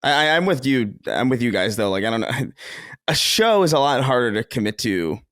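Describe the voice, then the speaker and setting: Animated, sardonic man on a podcast. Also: mid-range voice, fairly quick, dry recording, clean studio sound. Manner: animated, sardonic, swears freely. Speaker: podcast co-host. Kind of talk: casual chat.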